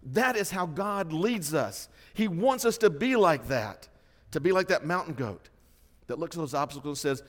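A middle-aged man preaching a sermon, lively and conversational, acting out the voices he quotes. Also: mid-range voice, unhurried. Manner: animated storytelling, acts out quoted voices. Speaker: pastor. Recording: long hall reverb.

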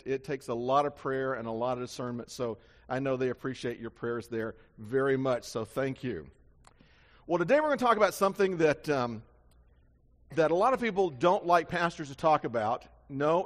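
Conversational pastor in a reverberant hall. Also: male voice, on the high side. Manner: conversational, self-deprecating, with frequent restarts. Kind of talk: sermon. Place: church sanctuary. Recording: long reverb of a church hall.

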